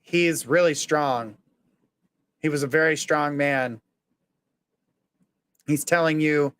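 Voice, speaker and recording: A man's voice: on the high side, steady tone, takes it slowly, pauses often, clear, resonant tone, no echo, clean studio sound. A man hosting a live psychic reading, earnestly relaying messages and reassurance. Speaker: psychic medium host.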